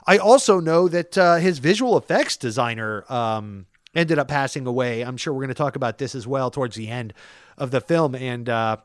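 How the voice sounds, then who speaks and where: A man co-hosting a podcast, chatting casually in a rambling way with many fillers, often trailing off quietly. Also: mid-range voice, normal speed, dry recording, studio quality. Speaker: podcast co-host. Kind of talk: casual chat.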